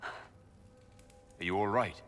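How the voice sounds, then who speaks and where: A commanding game hero. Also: male voice, fairly low pitch, extremely slow, in a large hall. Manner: steady, authoritative. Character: male hero leader, calm and commanding. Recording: game audio with loud music.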